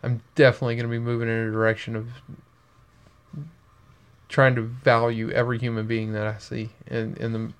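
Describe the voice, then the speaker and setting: A man's voice: mid-range voice, level tone, fairly quick, pauses often, clear, resonant tone. Earnest man chatting on a podcast. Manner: earnest, reflective. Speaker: podcast co-host. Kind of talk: casual chat.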